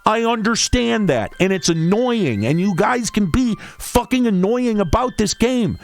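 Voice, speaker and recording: A man's voice: high voice, lively intonation, measured pace, gravelly, hardly any pauses. A man hosting a stream, ranting in an exasperated, profane, sarcastic way. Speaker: streamer and podcast host. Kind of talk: angry rant.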